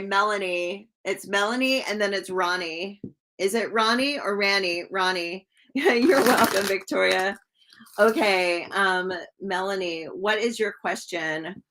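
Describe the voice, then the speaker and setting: A woman giving live-stream tarot readings in a chatty, gushing way, full of likes and ums and quick laughs. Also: medium pitch, noisy background. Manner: chatty, warm to viewers, laughs often. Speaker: tarot reader.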